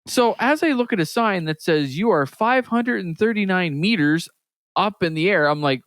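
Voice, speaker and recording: Lively storytelling man, dry sound. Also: high-pitched, normal speed, no echo. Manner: animated, laughs often, acts out quotes. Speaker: podcast co-host. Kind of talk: casual storytelling chat.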